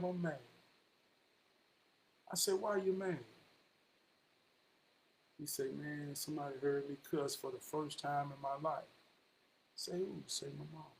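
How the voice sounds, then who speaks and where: A man with a Southern US accent giving heartfelt motivational shout-outs, preachy and repetitive, swinging from soft murmurs to loud bursts. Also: a little high, gravelly, a little hiss or hum, poor audio. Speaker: motivational vlogger.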